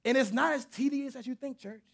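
A man with a very high-pitched, somewhat bright voice and vocal fry speaks fairly quickly. He preaches a sermon in an earnest, conversational way, repeating himself as he builds to emphatic peaks.

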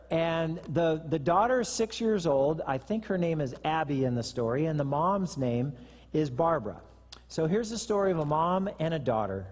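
A man preaching a sermon as pastor, in a conversational way with joking asides and a husky voice. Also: on the high side, darkish tone. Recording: reverberant hall.

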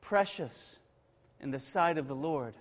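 High-voiced preacher in a reverberant hall. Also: male voice, animated, measured pace. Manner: preaching with swings between hushed and emphatic. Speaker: pastor. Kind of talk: sermon. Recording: long reverb of a large hall.

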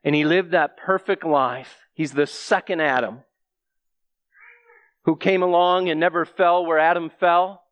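Male preacher, sermon, earnest direct address, unhurried delivery. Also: on the high side, fairly even intonation, clear, resonant tone, no room sound, muffled recording.

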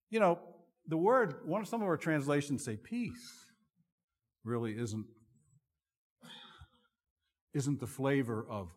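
A middle-aged male pastor preaching a sermon in an expressive, conversational and self-deprecating way. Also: on the high side. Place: church sanctuary. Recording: long reverb of a large hall.

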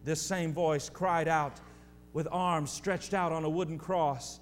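A male pastor with a slightly high voice preaches a sermon at a slow pace in a steady tone. He speaks emphatically and directly to his congregation, repeating phrases, while long hall reverb and a faint hum fill the recording.

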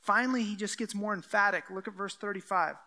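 A man's voice: high-pitched, fast talker, pushed and bright. A man preaching a sermon. He talks casually and reads scripture aloud. He acts out the voices of the people he quotes. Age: adult with children. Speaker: pastor. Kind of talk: expository sermon.

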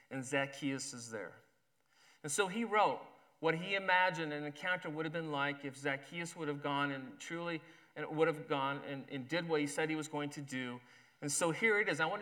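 Bright-voiced male preacher. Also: a little high. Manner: reads a story aloud, acting out the characters' lines. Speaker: pastor. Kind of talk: sermon.

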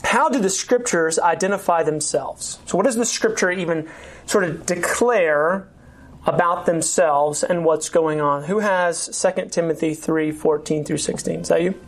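A woman's voice: fairly low pitch, moderate pace. A woman teaching a church inquirers' class in a conversational way, with many fillers and restarts.

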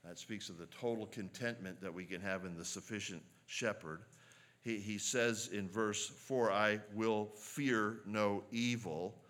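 A man preaching a sermon as a pastor, earnest and measured, slowing down to stress quoted lines. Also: lowish voice, a bit bright.

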